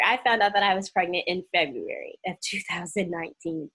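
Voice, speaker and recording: A woman's voice: fairly low pitch, fairly quick, few pauses, a bit bright, slightly rough, low-quality recording. A young woman candidly telling a personal story, emotional and open, acting out the voices of people she quotes.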